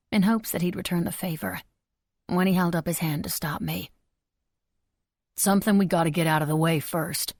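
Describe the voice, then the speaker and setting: A woman narrating an audiobook in the first person, telling the story in a steady, intimate way. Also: fairly low pitch, vocal fry, husky, dry recording. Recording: dry close recording.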